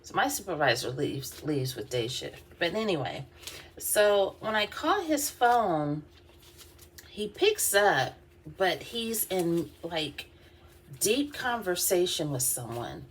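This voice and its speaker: A woman's voice: mid-range voice, sing-song, a little slow, breathy edge. A woman vlogger, telling a work story in a casual, chatty way, with lots of fillers and laughs. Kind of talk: casual storytelling while doing her hair.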